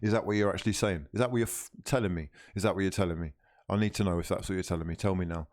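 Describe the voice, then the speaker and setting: A man's voice: low-pitched, racing, darkish tone. A young man hosting a live football watchalong, commenting on the game as he reacts to it, pleading with the players, scolding them and swearing often.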